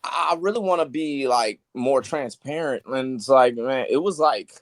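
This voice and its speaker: A man talking as a musician guest in a casual interview, loose and halting, with lots of fillers and "you feel me" tags. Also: medium pitch, no room sound.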